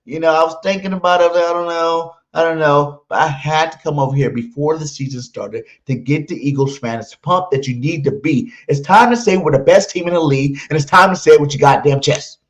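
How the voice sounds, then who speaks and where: A man's voice: on the high side, brisk, few pauses. A man hosting a live pregame podcast, brash and emphatic, repeating his promises over and over. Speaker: podcast host. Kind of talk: hyped live pregame stream, reading chat. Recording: muffled lo-fi stream audio.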